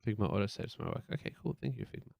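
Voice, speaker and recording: A man's voice: fairly low pitch, big pitch swings, rapid-fire, creaky, a little mellow, dry recording, muffled recording. A man streaming live, casually talking through a website layout as he works, rambling and tossing in playful beeps. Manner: thinks aloud, loose and rambling, with playful sound effects. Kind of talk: casual live-stream commentary while working.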